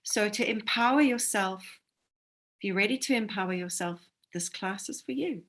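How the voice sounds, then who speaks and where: A woman talking casually on a video call, pausing often as she searches for her words. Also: mid-range voice, a bit bright. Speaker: course teacher. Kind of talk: casual conversation.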